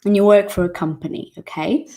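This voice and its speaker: A woman's voice: mid-range voice, fairly even intonation, brisk, warm tone. A woman teaching an English lesson to her viewers in a casual, emphatic way, repeating key points and addressing them directly.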